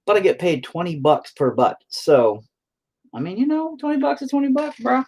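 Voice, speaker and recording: A man's voice: high voice, moderate pace, a little mellow, slight background noise. A man livestreaming while he paints, chatting with viewers in a rambling, profane, self-mocking way. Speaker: livestreaming painter reading chat. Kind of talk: casual rambling stream chat.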